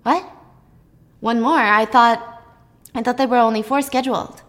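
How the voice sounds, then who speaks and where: A woman's voice: on the high side, steady tone, moderate pace, close to an everyday voice. A woman voicing a successful male doctor in his forties while retelling a film.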